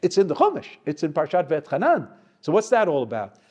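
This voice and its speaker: Higher-voiced man teaching a Torah class. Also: huge pitch swings, a little mellow, dull audio. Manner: digressive, sprinkled with Hebrew quotes, slows to stress key words. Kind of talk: Torah lecture.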